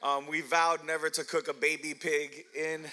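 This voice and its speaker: A middle-aged man pastor preaching in a church, telling funny stories about himself. His voice is very bright and a little high for a man. He laughs easily and keeps asking the crowd questions. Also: flat delivery, moderate pace. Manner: playful storytelling, laughs often, asks the crowd. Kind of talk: sermon with personal stories. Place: church hall.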